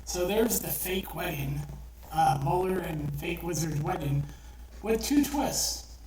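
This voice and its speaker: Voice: mid-range voice, lively intonation, slow, darkish tone. A speaker casually retelling a short story they wrote, rambling and profane, with many fillers and restarts. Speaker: online storyteller. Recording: roomy, distant mic with faint noise.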